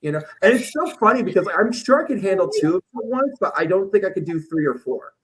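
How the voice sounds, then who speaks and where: A man's voice: sits high, very animated, fast talker, low-quality recording. A man telling crude rambling stories in a casual panel chat. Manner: crude, rambling storyteller, loud acted outbursts.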